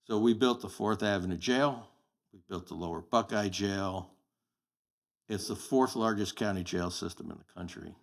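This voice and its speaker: A man in his sixties, a sheriff candidate appearing as a podcast guest, tells blunt, plain-spoken stories from his long career in casual conversation. His voice is fairly low in pitch and his pace moderate.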